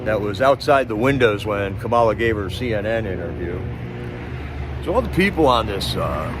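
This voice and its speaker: A man's voice: mid-range voice, noisy background. A man hosting a live stream, chatting casually in a rambling, sarcastic way with many restarts.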